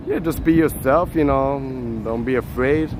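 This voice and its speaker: A man live-streaming as he walks a city street outdoors, chatting to viewers in a relaxed way and laughing often, on a handheld phone. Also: medium pitch, normal speed, background noise. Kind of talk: walking live-stream chat.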